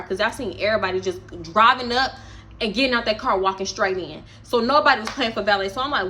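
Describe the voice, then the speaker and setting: A young woman telling a story on her vlog in a casual, animated, profane way. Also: fairly high pitch, fast talker, a little hiss or hum. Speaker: storytime vlogger.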